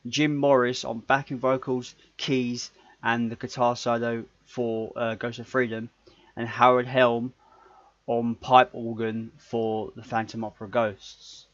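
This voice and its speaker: A man's voice: mid-range voice, level tone, measured pace, no echo. A man co-hosting a podcast in casual chat, jokey and rambling, often stumbling over his words. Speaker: podcast co-host. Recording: dry, slightly dull podcast audio.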